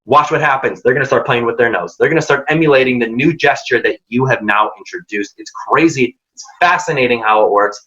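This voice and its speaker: A man's voice: medium pitch, a little fast, bright, forceful tone. A man presenting a career workshop, giving direct, emphatic advice and acting out quoted dialogue. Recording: dull lo-fi audio.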